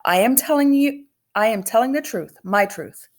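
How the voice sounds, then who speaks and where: A woman's voice: a little high, expressive, moderate pace, voice pushed up, close to an everyday voice. A woman voicing a pompous, dramatic boy who speaks in grand, formal sentences, in a storybook read-aloud. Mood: insistent.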